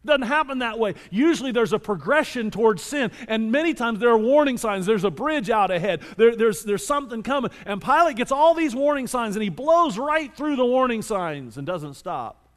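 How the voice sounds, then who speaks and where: A male pastor preaching a sermon with animated delivery, moving between loud emphasis and quiet scripture reading. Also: very high-pitched, normal speed, in a large hall.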